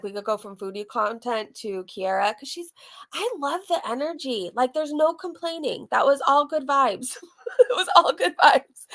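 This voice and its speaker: A woman's voice: high voice, gravelly, a bit bright. A woman hosting a casual reaction channel, chatting to her viewers and laughing often.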